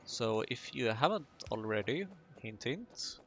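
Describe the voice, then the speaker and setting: Slow, gravelly man narrating gameplay. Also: mid-range voice, very animated, a bit bright, dull audio, slight background noise. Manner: chatty, self-mocking asides while building. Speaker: gaming video host. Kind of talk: casual let's-play commentary.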